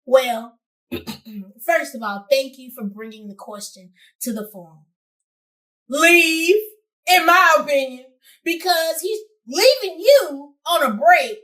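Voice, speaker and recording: Young adult woman, high-pitched, sassy, animated, casual advice talk, host. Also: takes it slowly, far from the mic. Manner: sassy, animated, addresses listeners directly.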